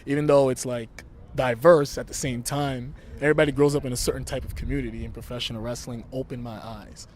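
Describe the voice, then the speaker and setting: A man's voice: mid-range voice, fairly even intonation, fast talker, darkish tone. A young man from Brooklyn, talking brashly and emphatically as a wrestler guest in an interview. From Brooklyn, New York. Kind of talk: interview talk.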